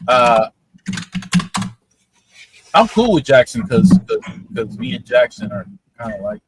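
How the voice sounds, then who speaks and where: A man hosting a casual live stream, chatting with viewers in an animated way, laughing often and repeating his words. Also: mid-range voice, measured pace, creaky, background noise. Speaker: livestream host.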